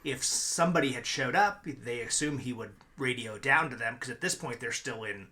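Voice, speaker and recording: A man co-hosting a podcast, relaxed, agreeing and filling in plot details in casual movie chat. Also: mid-range voice, normal speed. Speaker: podcast co-host.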